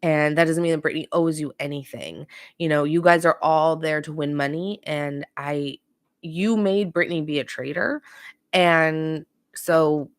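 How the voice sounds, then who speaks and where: A chatty, opinionated woman hosting a pop culture show, talking straight to her viewers in a casual recap. Her voice sits a little low, and the recording is dry and close with no room sound. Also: measured pace, dry recording. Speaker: pop culture podcast host.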